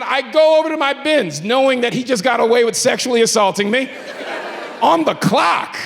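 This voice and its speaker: A man telling a stand-up story on a club stage, moving from low mutters to shouted punchlines. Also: expressive, a little fast, gravelly. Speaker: stand-up comedian. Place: comedy club stage before a live audience. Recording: live club recording, long reverb, crowd noise. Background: audience laughter.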